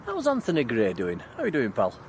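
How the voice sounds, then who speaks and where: A man's voice: mid-range voice, huge pitch swings, fast, slight background noise. A man hosting a live stream outdoors, chatting and thanking viewers by name. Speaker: livestream host. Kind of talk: live stream chat, reading comments. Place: outdoors at night near an airport.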